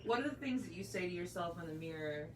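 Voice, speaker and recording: A low-voiced woman talks quickly, asking loose, rambling questions peppered with "like." She sounds roomy and picked up from a distance, with faint noise behind her. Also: animated. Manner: rambling questions full of "like" fillers. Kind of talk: casual chat.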